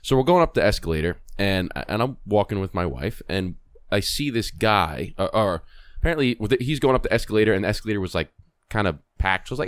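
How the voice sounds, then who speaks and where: A man hosting a podcast, telling a story in an animated, rambling way with swearing and restarts. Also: fairly low pitch, fast talker, smooth, no echo, studio quality. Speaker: podcast host.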